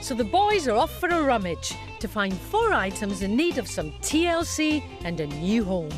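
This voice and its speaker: A woman giving bright, breezy scripted narration for a television programme. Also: a little high, very animated, normal speed. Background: music.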